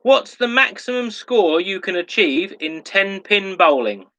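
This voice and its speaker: A quiz host with a bright, forceful, rather high voice reads his questions at an unhurried, careful pace. He repeats every question so players can keep up, and pokes fun at himself when a word trips him up. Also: expressive, rough recording. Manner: slow, deliberate, repeats each question; self-mocking when tongue-tied. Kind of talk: reading out pub quiz questions.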